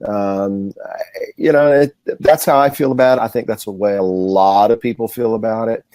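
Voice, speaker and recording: Low-voiced deliberate man co-host. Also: mellow, no echo. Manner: measured, deliberate, folksy. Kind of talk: casual political talk show chat.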